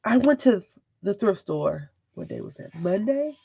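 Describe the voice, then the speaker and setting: A woman crafter talks with her viewers in a loose, rambling way, often trailing into "blah, blah." Her voice has a gravelly fry to it. It is a dry, close, slightly muffled home recording. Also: medium pitch, expressive, moderate pace, dark tone, dry recording. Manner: rambling and chatty, mimics others with "blah, blah". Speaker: crafting channel host. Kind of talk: casual live crafting chat with viewers.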